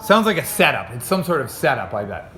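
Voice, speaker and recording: A man's voice: mid-range voice, big pitch swings, a little fast, bright, forceful tone. A man from North America reading a children's storybook aloud, chatty and jokey, making the sound effects and commenting as he goes. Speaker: storybook reader. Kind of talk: playful read-aloud with commentary.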